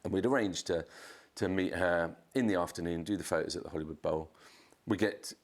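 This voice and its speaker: A man, a podcast guest, telling a chaotic anecdote in casual chat, swearing and jumping up in pitch to act out quotes. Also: brisk. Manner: animated storyteller, swears, acts out quotes in a raised voice.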